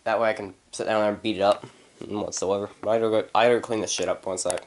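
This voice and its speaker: A man's voice: on the low side, fairly even intonation, fast, slight background noise. Angry, swearing male vlogger. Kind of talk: casual vlog rant. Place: inside a house.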